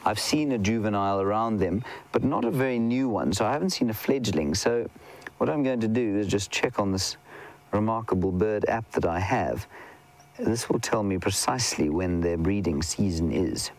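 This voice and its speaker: Outdoors in the bush, a safari guide gives live wildlife commentary, chatty and enthusiastic, sometimes dropping to a whisper while he answers viewer questions. He speaks at normal speed in a lowish voice, and the audio is poor.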